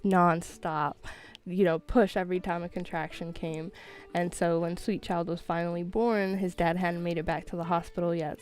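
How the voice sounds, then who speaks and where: A young woman streamer telling a long story in a casual, animated way, full of fillers and quick laughs. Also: on the low side. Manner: animated, chatty, many fillers, laughs often. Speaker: gaming streamer.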